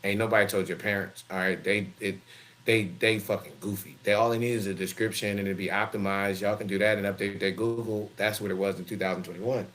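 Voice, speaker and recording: A man's voice: lowish voice, brisk. A middle-aged man, hosting a live show and telling a blunt, profane story full of slang. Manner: blunt, heavy swearing, animated, street slang.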